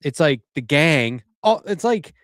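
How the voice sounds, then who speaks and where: A man's voice: fairly high pitch, big pitch swings, a little slow, fairly bright tone, no echo, clean studio sound. A man co-hosting a podcast, telling rambling stories in casual chat and swearing casually. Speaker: podcast co-host.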